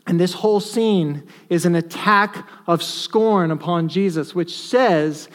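Male pastor, high-pitched, earnest sermon delivery with emphatic stresses. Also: slow pace, hardly any pauses. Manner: earnest, rises to emphatic stresses then drops to quiet asides.

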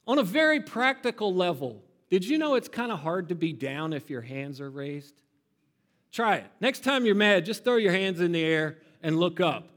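A man preaching a sermon to his congregation, expressive and building to loud emphatic peaks. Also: fairly high pitch. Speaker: pastor. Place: church sanctuary. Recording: reverberant sanctuary hall.

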